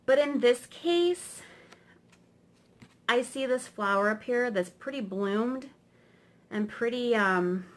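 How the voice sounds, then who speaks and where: A woman's voice: fairly high pitch, slow, pauses often. Chatty woman tarot reader. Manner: chatty, rambling, tag questions. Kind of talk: casual explanatory lesson.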